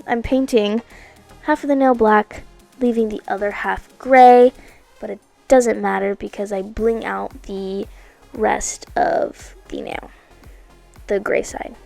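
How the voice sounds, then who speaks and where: A woman's voice: fairly high pitch, gravelly. A woman narrating a nail art video in a chatty, playful way, correcting herself and tossing in asides. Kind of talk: casual voice-over narration. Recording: soft music underneath.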